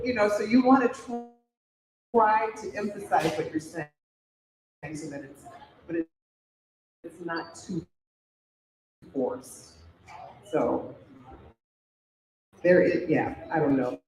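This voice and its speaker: A woman's voice: mid-range voice, slow, pauses often, a little mellow, far from the mic. A middle-aged woman from Chicago, a TV news anchor, speaking conversationally with fillers at a fireside chat. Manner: conversational, thoughtful with many fillers. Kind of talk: fireside chat answering questions. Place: large hall event. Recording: roomy hall audio from afar.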